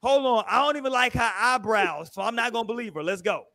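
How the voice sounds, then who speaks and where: Very high, bright-voiced teasing man. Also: fast talker. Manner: teasing, repeats himself to provoke the others. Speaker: podcast panelist. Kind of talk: casual panel chat.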